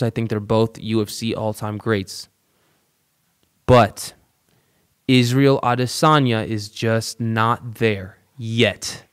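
A man's voice: medium pitch, a bit bright, clean tone. A man hosting a casual podcast, bluntly breaking down an upcoming fight with plenty of swearing and 'bro'. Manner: blunt, swearing, calls listeners bro. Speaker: podcast host. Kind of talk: casual fight-prediction talk.

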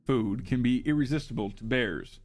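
A man's voice: medium pitch, normal speed, darkish tone. Male host, mid-range voice, reads notes with wry asides. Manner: wry, joking asides between read facts. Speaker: show host. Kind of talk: reading informational notes with casual asides.

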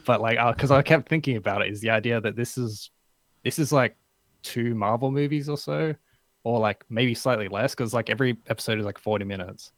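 A man's voice: mid-range voice, fairly quick, no room sound. A man in casual chat who hedges a lot, filling with "like" and "I don't know". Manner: hedging, fills with "like" and "I don't know".

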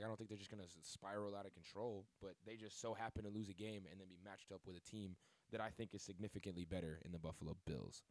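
A man hosts a sports podcast, speaking casually in a loose, rambling way full of fillers, restarts, and self-corrections. His voice is lowish with a darkish tone, and there is no room sound.

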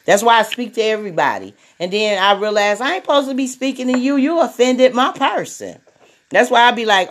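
A woman's voice: fairly high pitch, sing-song, moderate pace. Woman podcast host, frank and salty, rambling casual monologue. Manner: blunt and profane, with many repetitions.

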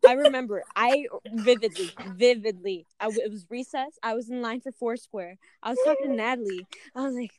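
A woman's voice: fairly high pitch, fairly quick, few pauses, slight background noise. A young adult woman in a casual chat with friends, rambling through anecdotes with laughter.

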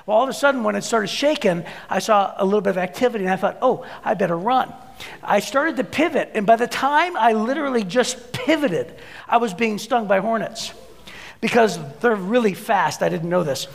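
A man in his forties preaching a sermon, telling a personal story in a lively, animated way and acting out his own reactions. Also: sits high, brisk, creaky. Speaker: pastor. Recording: long hall reverb.

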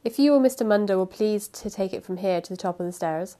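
A woman's voice: medium pitch, fast, warm tone, lightly acted. A woman voicing a timid, polite young maid in a storybook reading. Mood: meek.

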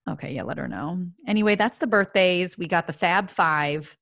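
A bubbly young woman co-hosts a casual chat show. Her voice sits a little low for a woman, and she talks in an easy, chatty way, quick to break into exclamations. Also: expressive, gravelly, fairly bright tone, no echo, clean studio sound. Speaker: podcast co-host.

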